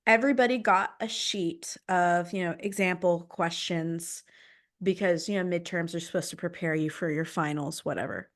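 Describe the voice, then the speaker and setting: A young woman hosting a podcast, telling a personal story in an animated, dramatic way. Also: lowish voice, normal speed. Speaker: podcast host. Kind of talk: casual storytelling chat.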